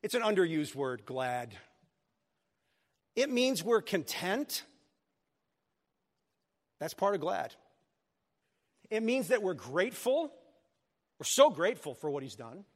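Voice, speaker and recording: A man preaching a sermon as pastor of a church, animated and joking with his congregation. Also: high voice, slow pace, pauses often. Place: church sanctuary. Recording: long hall reverb.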